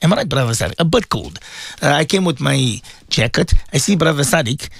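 Animated male radio presenter. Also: a little high, fairly quick, creaky, breathy edge. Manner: animated, addresses listeners directly, sprinkles Arabic phrases. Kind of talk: casual live radio talk. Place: radio studio.

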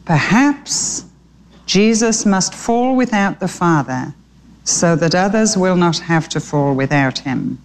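A woman voicing a gentle mother sparrow in a storybook read aloud during a sermon, speaking softly and hushed. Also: lowish voice, animated, takes it slowly. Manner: soft and hushed.

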